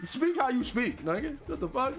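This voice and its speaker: High-voiced man ranting with slang. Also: normal speed, faint music behind. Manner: loud, profane, laughing, animated slang. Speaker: reaction streamer. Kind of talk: casual reaction commentary.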